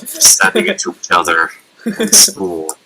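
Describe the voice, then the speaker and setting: Deep-voiced man joking dryly. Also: wildly swooping pitch, measured pace, background noise. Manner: dry, joking, storytelling. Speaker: friend on call. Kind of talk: casual chat on voice call. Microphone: computer mic on voice call.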